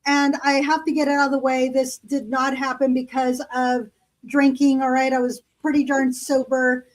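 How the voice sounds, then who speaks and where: A woman chats casually as a podcast co-host, spinning long stories full of fillers. Her voice sits high. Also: flat delivery, moderate pace, rough recording. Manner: chatty storyteller, lots of fillers. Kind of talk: casual chat.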